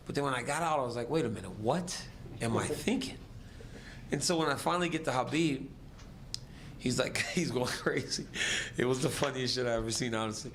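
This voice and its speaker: A man's voice: medium pitch, brisk, slight background noise. A man, a fighter, casually telling a story, acting out the voices of the others and laughing along. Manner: animated, acts out the other voices and laughs between lines.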